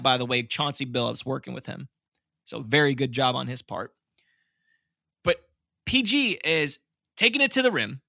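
A man hosting a casual sports podcast, animated and opinionated, laughing often. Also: fairly high pitch, no echo, studio quality. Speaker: podcast host.

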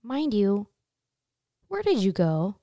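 An animated young woman tells a story on a casual chat show, swearing freely and leaping up in pitch when she acts out her own panic. Her voice is mellow and warm. It sounds dry and close, with no room echo. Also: slow. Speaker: podcast host telling a story.

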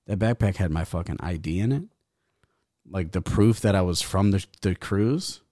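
A man's voice: low-pitched, moderate pace, mellow, no echo, clean studio sound. Profane young man telling a wild story. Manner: profane, rambling, laughs as he talks. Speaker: guest rapper. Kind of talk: casual storytelling.

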